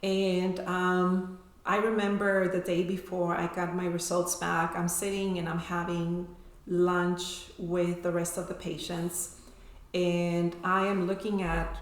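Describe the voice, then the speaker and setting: A woman's voice: on the low side, little pitch movement, slow. A woman telling her personal story as an interview guest, emotional and often ending sentences with "right?". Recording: echoey room.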